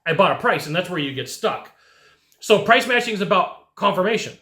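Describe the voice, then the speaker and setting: A man giving an animated sales coaching talk, speaking straight to the listener and often checking in with "right?". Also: sits high, brisk. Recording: echoey room.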